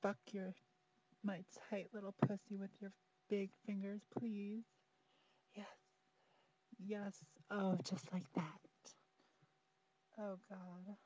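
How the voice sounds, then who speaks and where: Slow, teasing woman in intimate audio role-play. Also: mid-range voice, flat delivery. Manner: slow, soft, pleading and teasing, talking straight to the listener. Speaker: audio performer. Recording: dull, dry close recording.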